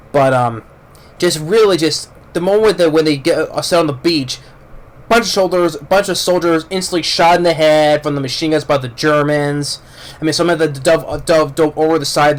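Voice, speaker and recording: A man with a somewhat high voice gives a loose spoken movie review. He rambles, restarts his sentences and repeats words as he goes, and he talks in a blunt, excited way with casual swearing.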